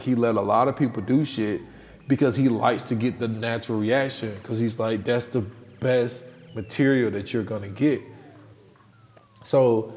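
A man hosting a podcast, casually retelling film scenes in a loose, animated way and acting out the quotes. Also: lowish voice. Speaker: podcast host. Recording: long reverb with faint music.

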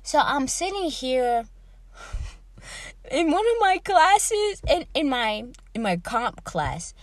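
A chatty young woman talks at a slow, unhurried pace and drifts from topic to topic in casual podcast chatter. Her voice sits a little high. The sound is close and dry, with no room around it. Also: very animated, no room sound. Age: young adult. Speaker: podcast host. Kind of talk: casual rambling chat.

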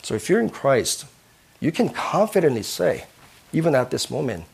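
A man's voice: medium pitch, wildly swooping pitch, normal speed, creaky, darkish tone, breathy edge. A man preaching a sermon as a pastor, earnest, who keeps asking his listeners questions and ending points with "right?".

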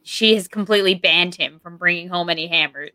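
Bright young woman, dry close sound. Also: lowish voice, brisk, no room sound. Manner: laughing, easygoing, chatty. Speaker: podcast co-host. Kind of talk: casual movie review chat.

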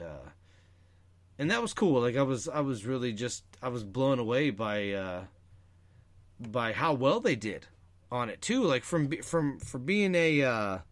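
A man's voice: medium pitch, no room sound. A man co-hosting a podcast in casual chat, rambling with lots of fillers and restarts. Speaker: podcast co-host.

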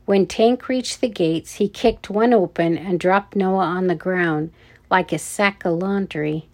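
A woman narrating a children's adventure audiobook in a measured, expressive way. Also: lowish voice.

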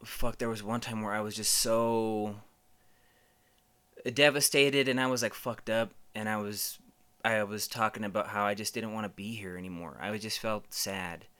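A man's voice: on the low side, steady tone, normal speed, sharp tone, smooth. A man hosting a podcast, telling rambling stories casually, swearing a lot and using many fillers. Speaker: podcast host. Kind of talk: casual storytelling.

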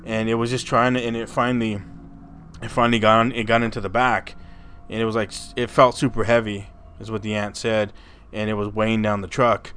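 A man's voice: fairly low pitch, flat delivery, a little fast, fairly bright tone, a little hiss or hum. A man hosting a podcast, telling a story in a rambling, casual way, stumbling over and repeating his words and swearing freely. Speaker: podcast host.

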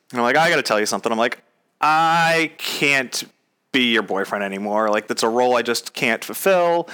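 A man's voice: lowish voice, bright, forceful tone, smooth. A young man casually telling a story, swearing freely and acting out both sides of a past conversation. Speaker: storyteller recounting his proposal.

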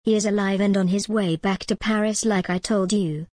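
Woman reading as a calm formal jinn spirit. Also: mid-range voice, fairly quick, dry recording, clean studio sound, natural voice. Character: calm commanding jinn spirit, sometimes in male form.

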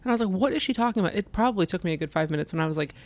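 A woman's voice: lowish voice, lively intonation, racing. Giggly woman reading funny posts aloud. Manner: giggly, laughs often. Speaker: co-host.

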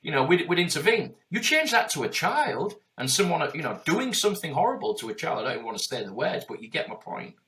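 A man's voice: fairly high pitch, big pitch swings, fast, hardly any pauses, fairly bright tone. A man in his forties speaking in a passionate, emphatic and heavily profane conversational way as a guest. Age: 40s.

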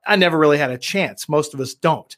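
A man's voice: a little high, fast talker, fairly bright tone. A man hosting an interview, asking questions in a playful, teasing way. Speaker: host. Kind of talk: casual interview chat.

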